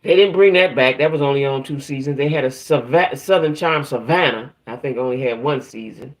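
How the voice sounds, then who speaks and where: A woman's voice: extremely low pitch, a little fast. A woman hosting a casual livestream who rambles chattily, talks straight to her viewers and trails off while searching for names. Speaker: host of a reality TV talk channel.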